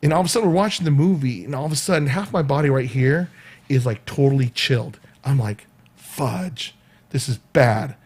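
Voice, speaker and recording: A man's voice: mid-range voice, fast talker. A man from California, telling a story in a casual vlog, laughing often and acting out what people said. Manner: animated, laughs often, acts out quoted dialogue. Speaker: vlogger.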